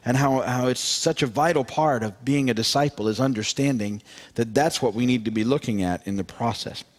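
A man's voice: mid-range voice, brisk. A man preaching a sermon to his congregation as pastor, speaking conversationally with many fillers and repeated words.

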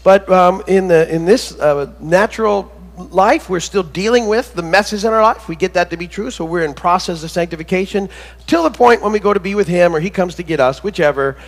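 Male pastor, high voice, folksy halting sermon with fillers and dad jokes, long church-hall reverb. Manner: conversational, halting with many fillers and restarts; tells corny jokes between teaching.

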